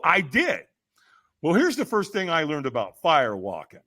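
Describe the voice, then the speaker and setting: Animated, bright-voiced male storyteller. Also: on the high side, moderate pace. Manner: lively, emphatic, acts out quotes with sudden shouts. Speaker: podcast guest.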